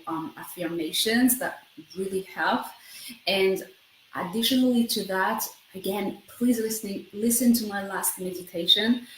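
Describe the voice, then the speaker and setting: Fast-talking woman in her thirties. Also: mid-range voice, roomy sound, slight background noise, rough recording. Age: 30s. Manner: fast, self-interrupting, keeps asking "right?". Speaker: vlogger. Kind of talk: personal self-help vlog.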